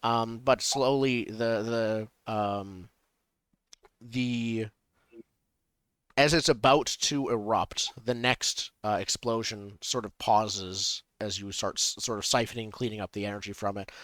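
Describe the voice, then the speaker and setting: A man narrates as game master of a tabletop game, feeling his way through scenes with frequent ums and restarts. His voice sits a little low and the sound is dry and close. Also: steady tone, a bit bright, no echo. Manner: halting, many ums and restarts.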